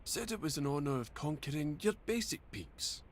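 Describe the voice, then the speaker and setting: A cheery courier with a light Scottish lilt. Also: male voice, on the high side, expressive, normal speed, slight background noise. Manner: cheery, polite. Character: cheery male parcel courier.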